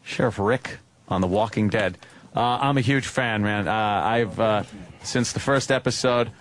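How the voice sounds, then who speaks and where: A man's voice: fairly low pitch, unhurried, fairly bright tone. A man hosting a radio talk show, joking brashly and swearing freely. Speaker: radio host.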